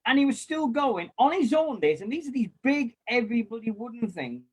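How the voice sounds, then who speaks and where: A man, chatting casually and telling lively anecdotes with mild swearing and quoted voices. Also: extremely high pitch, normal speed, slightly rough. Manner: animated storyteller, mild swearing, acts out quotes. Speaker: former club volunteer and kit man.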